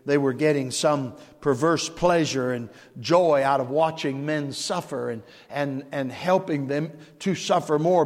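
Impassioned high-voiced preacher in a hall. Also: male voice, measured pace, few pauses. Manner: rising, impassioned preaching with emphatic repetition. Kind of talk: revival sermon.

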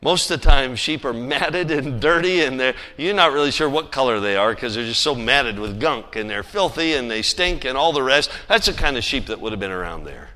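Animated preacher man in a reverberant hall. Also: mid-range voice, a little fast, few pauses. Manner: animated storytelling, swings from loud to hushed. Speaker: pastor. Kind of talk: sermon.

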